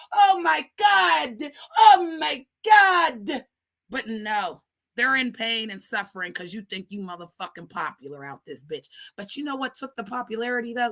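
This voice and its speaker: A woman's voice: a little high, bright, forceful tone. A woman streamer ranting in live commentary, brash, profane and scolding.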